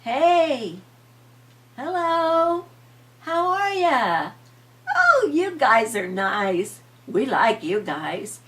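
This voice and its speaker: An older woman voicing a patch of friendly talking pumpkins, drawn-out and welcoming, in a bedtime story. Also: high-pitched, very animated, fairly bright tone, pitched above the performer's own voice, exaggerated voice. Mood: delighted.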